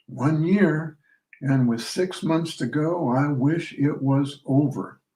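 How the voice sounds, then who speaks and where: A man reading as a sharp-tongued young barmaid. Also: on the high side, takes it slowly. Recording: roomy sound from a distant mic.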